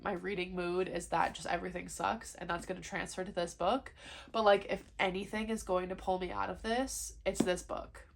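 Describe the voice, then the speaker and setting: In a fairly low, gravelly yet fairly bright voice, with a little background hiss or hum, a young woman vlogs about her reading. It's casual chat that becomes a frustrated rant, thick with fillers and the word "like."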